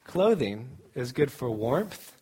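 A man's voice: medium pitch, sing-song, takes it slowly, a little mellow, husky. A middle-aged man giving a casual, joking sermon at a student camp, often laughing as he speaks. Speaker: campus ministry speaker.

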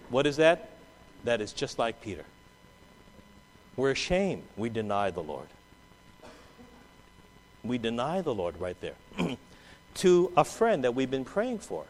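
A man preaching a sermon, swinging between loud quoted outbursts and low, quiet asides. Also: very animated, unhurried, pauses often, slight background noise. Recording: long hall reverb.

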